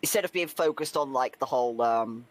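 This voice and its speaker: A man playing in a tabletop game, chatting casually and animated, laughing easily. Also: mid-range voice, fairly quick. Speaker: player.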